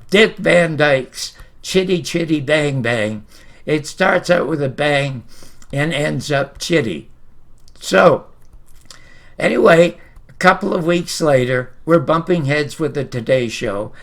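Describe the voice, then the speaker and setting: An older man hosting his own show, telling anecdotes in a lively way and acting out quoted lines. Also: mid-range voice, gravelly. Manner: animated anecdotal storyteller, acts out quotes. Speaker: host. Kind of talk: storytelling monologue.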